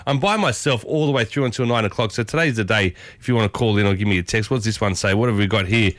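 Upbeat Australian radio host, dry studio. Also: male voice, fast talker, a bit bright, no echo. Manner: chatty and upbeat, jumps in pitch. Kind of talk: morning radio chat. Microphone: studio microphone.

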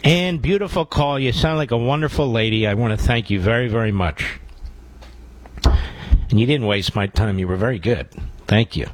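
A man's voice: mid-range voice, normal speed, low-quality recording. A man hosting a call-in radio talk show, combative and opinionated, with a sarcastic edge. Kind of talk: talk radio, taking calls.

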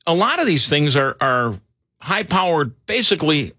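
Jokey middle-aged man, lively bright voice. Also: on the high side, moderate pace, breathy edge, no echo, clean studio sound. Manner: rambling, jokey, full of fillers. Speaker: radio show host. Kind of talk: casual banter.

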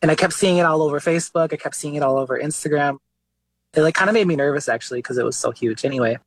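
A man, an artist being interviewed, talking in a relaxed, chatty way with many fillers. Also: fairly high pitch, fast, dry recording, low-quality recording. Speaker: artist guest. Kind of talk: casual interview talk.

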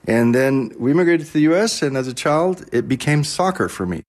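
American male interviewee, mid-range voice, measured casual chat. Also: medium pitch, lively intonation, darkish tone. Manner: measured, with fillers.

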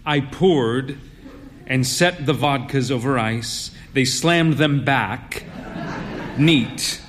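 A man's voice: medium pitch, extremely slow, background noise. A man reading literary fiction aloud in a dry, wry storytelling manner. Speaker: narrator.

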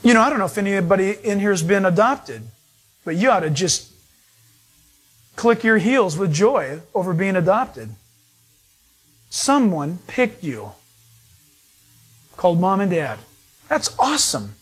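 A man preaching a sermon as pastor, telling an anecdote in an animated, storytelling way and acting out the voices of the people in it. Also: high voice, husky.

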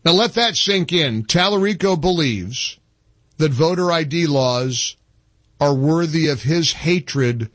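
Brief: male talk radio host, slightly high voice, dead-dry studio mic, punchy and emphatic. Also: expressive, slow pace, fairly bright tone, dry recording. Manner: emphatic, repeats phrases for effect. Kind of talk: conservative talk radio commentary. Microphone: studio microphone.

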